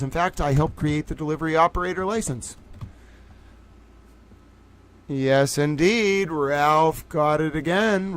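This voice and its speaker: An excitable man runs a casual livestream quiz, his voice sitting a bit high for a man. He cheers viewers on by name, then drops to a quiet mutter while he sorts out the scores. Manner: excitable, praises viewers by name, swings between loud and quiet. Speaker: livestream host running trivia.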